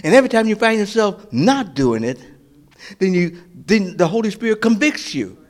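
Preaching man swinging loud to whispered. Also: high voice, sing-song, moderate pace. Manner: call-and-response questions, swings from loud preaching to near whispers. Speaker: pastor. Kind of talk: sermon.

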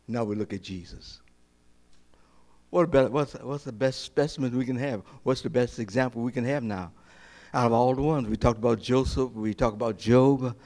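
Male pastor, sermon, medium-pitched voice, fervent preaching, loud peaks then quiet asides. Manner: impassioned preaching that swings between loud climaxes and quiet asides; repeats phrases for emphasis.

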